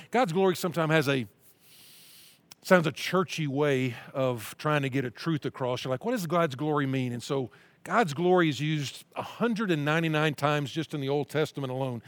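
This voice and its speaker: A man preaching a sermon as a pastor, earnestly explaining scripture and slowing down to read verses aloud. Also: on the high side, no echo. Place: church at-home broadcast.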